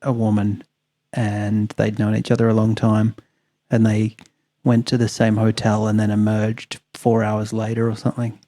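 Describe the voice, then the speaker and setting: A man co-hosting a podcast, chatting casually with dry, deadpan humor. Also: lowish voice, normal speed. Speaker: podcast co-host.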